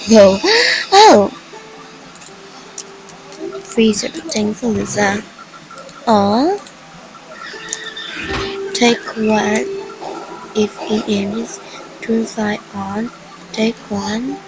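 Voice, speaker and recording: A young woman commenting on her game with excited exclamations and slightly broken phrasing. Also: mid-range voice, extremely slow, creaky, pauses often, over music, rough recording. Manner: gushing, exclaims often, slightly broken non-native phrasing. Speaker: gaming video creator.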